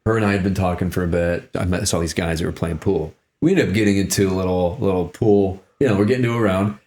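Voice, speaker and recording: Animated young man telling stories. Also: deep voice, quick pace. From Ohio, US. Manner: animated, acts out quotes in raised voices. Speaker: actor and violinist guest. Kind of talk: casual interview storytelling.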